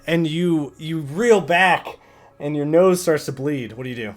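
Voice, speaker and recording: A man narrating a tabletop fantasy game as game master, in slow dramatic storytelling. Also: a little high.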